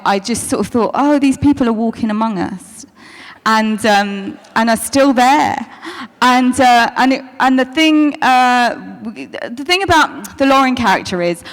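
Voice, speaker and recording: Woman, convention Q&A guest, chatty, fond of "darling", slightly high voice, big echoey hall. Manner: chatty, self-interrupting, calls people darling. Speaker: guest answering fan questions. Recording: long hall reverb.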